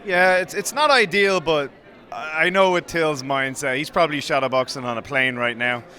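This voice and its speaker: A man's voice: on the high side, moderate pace, sharp tone. A male fight coach in a casual interview chat, friendly and chatty, telling stories with a laugh.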